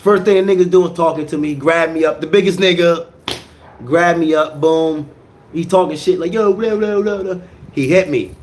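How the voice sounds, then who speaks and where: A man with a slightly higher voice tells a rough story in slangy, casual talk at normal speed, with slight background noise. He's animated, muttering low for asides and bursting out loud on the action, stuttering and repeating words as the story carries him away.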